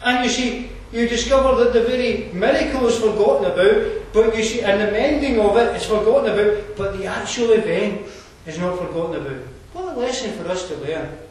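A man with a Scottish accent preaching a sermon, conversational and digressive, often pausing with fillers and restarting his sentences. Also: high voice. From Scotland. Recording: echoey room from far off, faint ambience.

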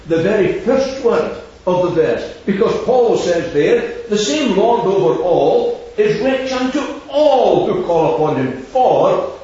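A man preaching a gospel sermon, stressing key words and repeating the main verse slowly. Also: sits high, big pitch swings, warm tone. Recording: echoey distant hall sound, dull.

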